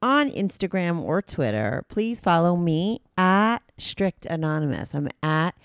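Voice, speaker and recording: Woman host, chatty and loose, low-pitched, dry booth sound. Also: sing-song, a little slow, clear, resonant tone, no room sound. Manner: chatty, loose, with fillers and repeats. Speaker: podcast host. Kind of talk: casual chat.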